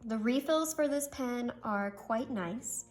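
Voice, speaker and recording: A woman's voice: a little high, slow pace, faint music behind. A young woman chatting casually through a pen review, gushing and making self-deprecating asides. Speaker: stationery reviewer.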